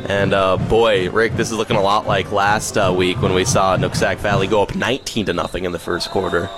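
A man doing play-by-play radio commentary of a high school football game from the field, rising to excited calls on big plays. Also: fairly quick, music in the background. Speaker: play-by-play announcer.

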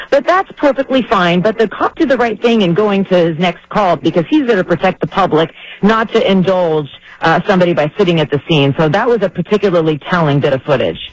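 A woman attorney, a guest on a talk radio show, explaining legal points in a measured way, often saying "you know". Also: on the low side, no echo, poor audio.

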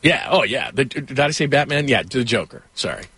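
A man's voice: mid-range voice, sing-song, fairly quick, bright, forceful tone, husky, dry recording. A middle-aged man hosting a sports radio show, telling rambling stories and laughing often. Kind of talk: casual sports talk and storytelling.

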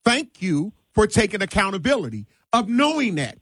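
A man's voice: high-pitched, very animated, moderate pace, a bit bright, no room sound. Emphatic talk radio host man. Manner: affectionate, emphatic, preaching accountability.

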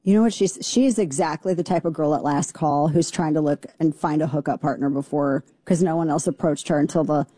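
A brash woman hosting talk radio, firing off sarcastic, opinionated commentary. Her voice is dark and mellow. The studio sound is dry and close. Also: deep voice, no room sound. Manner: brash, sarcastic, fast-talking. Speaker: radio talk show host.

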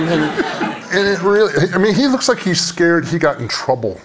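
A man's voice: fairly high pitch, animated, moderate pace, crowd noise. A man joking around as a guest on a panel talk show, often putting on silly voices. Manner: jokey, slips into mock voices. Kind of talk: casual panel banter.

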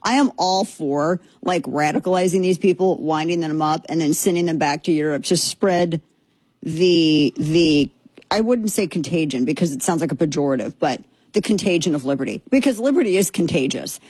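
A woman's voice: low-pitched, lively intonation, normal speed, darkish tone, breathy edge, no echo. A woman hosting a commentary show, talking in a chatty, sarcastic, rambling way. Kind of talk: opinionated political commentary.

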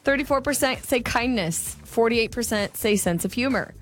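A woman co-hosting a radio show, reading out survey numbers and retelling a text exchange briskly. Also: fairly high pitch, lively intonation, faint music behind. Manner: brisk storyteller, quotes texts aloud. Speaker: radio co-host.

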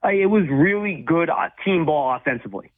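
A high-voiced man talks sports in a quick, emphatic flow, restarting his sentences as he goes. His voice comes through a thin, phone-like line. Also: expressive. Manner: fast, emphatic, with repeated restarts. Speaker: sports radio co-host. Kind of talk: casual sports talk.

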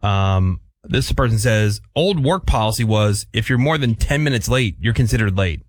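A man's voice: on the low side, lively intonation, moderate pace, no room sound. A middle-aged man hosting a casual talk show, rambling and blunt, often restarting his sentences. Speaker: radio show host. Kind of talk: casual chat.

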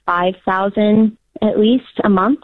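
A woman's voice: mid-range voice, fairly even intonation, takes it slowly, dry recording. A woman calling in to a radio show, nervous, giggly and eager as she explains her question. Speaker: caller. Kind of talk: call-in radio conversation. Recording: phone-line caller audio.

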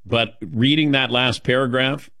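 A man's voice: medium pitch, fairly even intonation, unhurried, bright, forceful tone, dry recording, clean studio sound. A man hosting a call-in sports radio show, rambling and emotional as he tells a story. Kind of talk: casual call-in talk.

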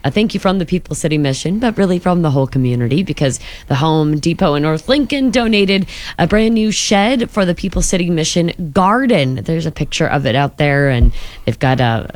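A woman's voice: deep voice, expressive, a little fast, no echo. A woman co-hosting a radio show, chatting casually with fillers like "um" and "like.". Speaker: radio co-host. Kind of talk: casual on-air chat. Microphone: studio microphone.

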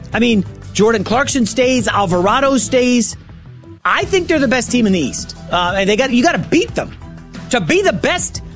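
Filling in as a sports radio host, a middle-aged man with a very high voice speaks in an excitable, rambling way from a radio studio, correcting himself quickly as he goes.

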